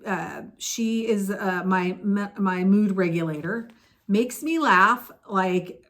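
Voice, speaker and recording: A woman in her late fifties tells a personal story on her crochet vlog, her medium-pitched, slightly bright voice moving at a slow pace. It's casual storytelling, chatty and rambling, full of fillers and side comments.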